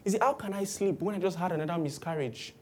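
A woman preaching a sermon, lively and acting out the voices of people she quotes. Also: fairly low pitch, fast, slightly rough. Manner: animated, acts out quoted voices with exclamations.

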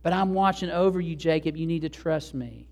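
A man voicing God as a steady, reassuring, fatherly presence, spoken with earnest emphasis in the middle of a sermon. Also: on the high side, brisk, close to an everyday voice.

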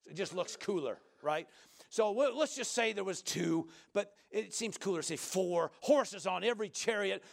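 A man preaching a sermon in a folksy, joking way, often asking the listeners "right?" and swinging from loud to soft. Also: sits high, normal speed, vocal fry, a little hiss or hum.

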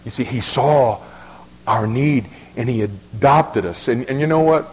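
A man's voice: mid-range voice, unhurried, darkish tone. A male pastor preaching a sermon in a folksy, emphatic way, often repeating words as he restarts. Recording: long reverb of a large hall.

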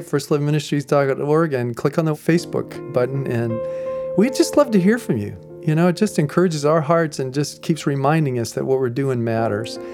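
A man, a pastor, telling a lively story to his listeners, acting out the voices of the people in it and laughing often. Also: a little high. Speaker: pastor of a ministry. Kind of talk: storytelling ministry message.

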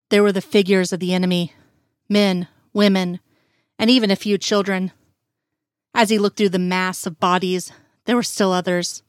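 Woman storyteller, earnest, mid-pitched, dry booth sound. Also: no room sound. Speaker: reader. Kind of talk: reading fan fiction aloud.

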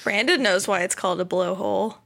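A woman co-hosting a casual comedy podcast, dropping deadpan quips and quiz questions. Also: mid-range voice, brisk, creaky. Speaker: podcast co-host.

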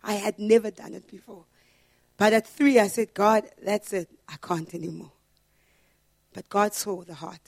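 A woman pastor preaching a sermon in an earnest way, building to loud, emphatic repetitions. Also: medium pitch, no room sound, studio quality.

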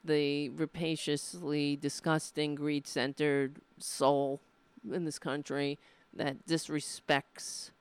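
A host winding through a casual livestream chat at an unhurried pace, with a smooth, clean voice. The delivery is earnest and emotional, and the thoughts ramble and restart. The sound is dry and close, with no room around it. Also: medium pitch, no echo.

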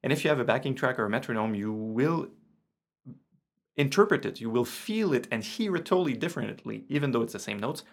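A gravelly-voiced guitar teacher whose first language is French gives a casual online lesson at medium pitch and a brisk pace. He's relaxed, counting beats aloud as he explains, with his own guitar playing under his voice.

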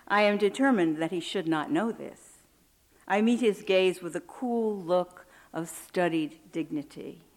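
A woman reading her own personal prison essay aloud in a measured, wry manner. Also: medium pitch.

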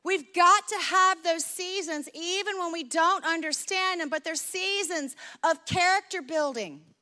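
A woman preaching a sermon, telling stories in a lively, conversational way. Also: very high voice, unhurried.

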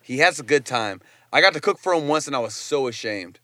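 A man's voice: mid-range voice, animated, a little fast, bright, forceful tone, no room sound, clean studio sound. A man who is a chef, talking as a guest in a casual interview, telling loose stories full of slang and swearing. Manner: loose, profane storytelling with slang.

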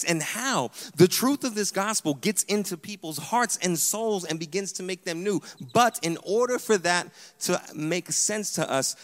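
Male pastor, animated emphatic sermon delivery, slightly higher voice, long hall reverb. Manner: animated, emphatic preaching with repeated "hear me". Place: church sanctuary.

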